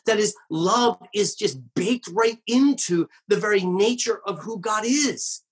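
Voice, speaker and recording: Here a male pastor gives an earnest, emphatic sermon with a breathy edge to his voice. Key phrases come slower and lower, and he sprinkles in wry asides along the way.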